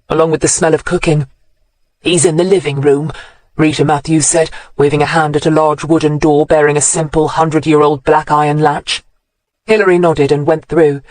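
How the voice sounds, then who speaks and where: An audiobook narrator reading a mystery novel in a measured, even storytelling manner. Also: medium pitch, no room sound, rough recording. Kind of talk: scripted narration.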